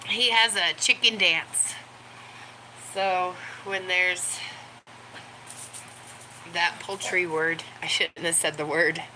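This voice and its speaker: A woman talks slowly and casually to her camera at home, stopping often for ums and small laughs. Her voice sits a little low, and household noise runs clearly behind her. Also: fairly even intonation, bright, forceful tone, poor audio. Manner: rambling, with many ums and laughs; high baby talk to her pets. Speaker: vlogger.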